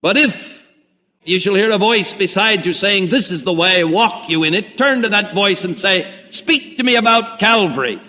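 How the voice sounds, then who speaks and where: Bright-voiced male preacher in a reverberant hall. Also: lively intonation, normal speed. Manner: dramatic, swinging between loud emphasis and hushed low tones. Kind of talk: sermon. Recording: muffled lo-fi recording in a reverberant hall.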